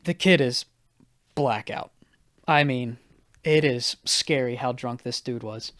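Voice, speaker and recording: Rambling young man telling a wild story. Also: mid-range voice. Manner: rambling, self-mocking, acts out quotes in raised voices. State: high and anxious. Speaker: podcast host. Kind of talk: solo storytelling podcast.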